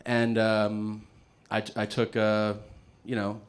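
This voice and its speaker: A man's voice: lowish voice, monotone, slow pace. A man telling a story in a stand-up comedy set, casual and profane, often laughing as he talks.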